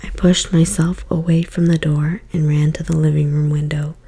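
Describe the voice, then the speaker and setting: A woman giving a soft, whispered ASMR book reading as storyteller. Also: deep voice, level tone, moderate pace, background noise.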